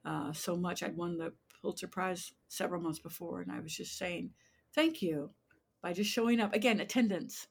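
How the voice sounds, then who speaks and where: A woman in her sixties from the United States, a playwright telling animated stories in an interview and acting out voices as she goes. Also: lowish voice, normal speed, creaky, slightly rough. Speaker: playwright guest. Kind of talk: interview storytelling.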